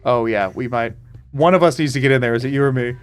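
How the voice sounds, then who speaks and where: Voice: medium pitch, quick pace, smooth, faint music behind. A streamer chatting casually on a live stream, laughing often.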